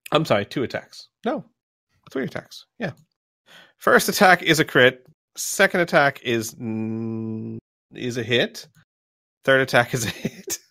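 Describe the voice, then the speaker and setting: A man's voice: medium pitch, measured pace, gravelly, pauses often, no echo, clean studio sound. A man narrating combat as game master of a tabletop game, rambling and laughing as he counts out damage. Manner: rambling, laughs between lines, counts out loud.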